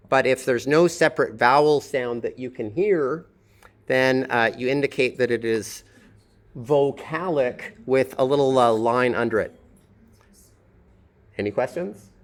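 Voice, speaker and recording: Slow, patient male phonetics teacher. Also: medium pitch. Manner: patient, explanatory, thinking aloud with fillers. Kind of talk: phonetics lecture.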